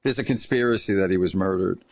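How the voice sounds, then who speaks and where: Gravelly middle-aged man telling stories. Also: low-pitched, fast talker. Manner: animated, laughing anecdote teller. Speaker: podcast host. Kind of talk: casual storytelling.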